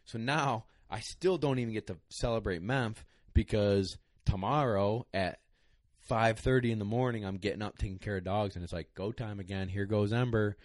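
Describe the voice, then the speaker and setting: A man's voice: fairly low pitch, moderate pace, few pauses, no room sound. A young man, a dog trainer, casually telling a podcast story in a rambling, emotional way with lots of fillers. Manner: rambling, excited, many fillers.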